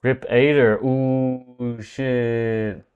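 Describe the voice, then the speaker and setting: A man hosting a live stream, chatting casually and thinking aloud as he tries out software. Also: mid-range voice, level tone, very slow, clear, resonant tone, narrow, tinny audio. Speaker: livestream host testing software.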